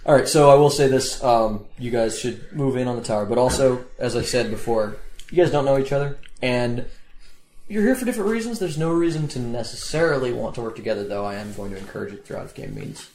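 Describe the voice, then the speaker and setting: A man at a medium pitch running a tabletop game, describing the scene in a loose, rambling way. His voice sounds roomy and echoey, with faint noise underneath. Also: expressive, a little fast, darkish tone. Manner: loose, rambling narration with restarts. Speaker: game master.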